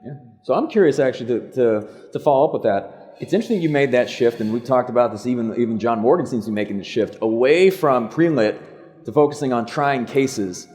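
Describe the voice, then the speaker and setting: A man's voice: medium pitch, fairly quick, a little mellow. Curious man moderating a panel. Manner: curious, encouraging, asks follow-ups. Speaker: podcast host, moderator.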